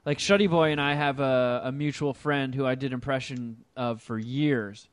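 A man's voice: medium pitch, fairly even intonation, normal speed, clean tone, dry recording. A young man co-hosting a podcast, chatting loosely and swearing freely. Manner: loose, profane, reads listener emails. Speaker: podcast co-host. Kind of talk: casual chat.

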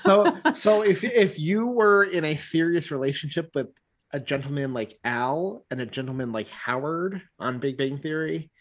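A man co-hosting a podcast, chatting casually and dropping quick asides and explanations. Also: on the high side, expressive. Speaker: podcast co-host. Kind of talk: casual chat.

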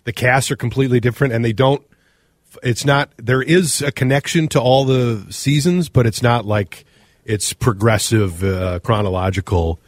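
A man with a Minnesota accent co-hosting a casual radio talk show, animated and rambling, often correcting himself mid-sentence. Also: medium pitch, moderate pace, dry recording, clean studio sound. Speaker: radio co-host.

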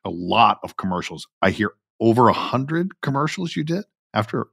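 Male host, animated pitch, brief enthusiastic interjections. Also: moderate pace, vocal fry, husky, no room sound, clean studio sound. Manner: short, eager reactions and questions. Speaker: podcast host. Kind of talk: casual interview.

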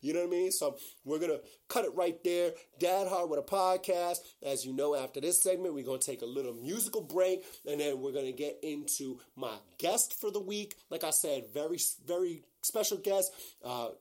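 Gushing, rambling podcast host dad. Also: male voice, a little high, moderate pace, few pauses, darkish tone. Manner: rambling, full of "like" and "you know"; gushing and emotional. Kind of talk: casual solo podcast monologue.

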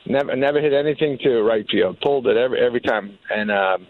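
A man's voice: medium pitch, quick pace, phone-quality sound. A middle-aged man with a New England accent, telling stories in casual chat and putting on his parents' voices. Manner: animated storyteller, does voices of his parents. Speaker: guest.

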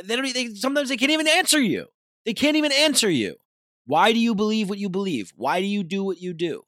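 A man's voice: high voice, sing-song, quick pace, fairly bright tone, dry recording, studio quality. A man delivering an intense, profane monologue that circles back on its own points. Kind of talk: ranting monologue.

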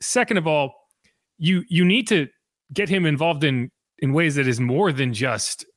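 Brisk man hosting a sports podcast, dry sound. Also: on the high side, no echo. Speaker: podcast host.

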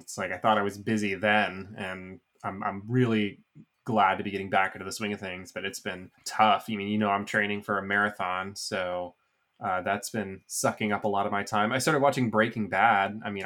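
A man's voice: on the low side, steady tone, moderate pace, a bit bright. A man hosting a wrestling podcast, chatting in an easygoing, rambling way with many fillers. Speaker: podcast host. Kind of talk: casual chat.

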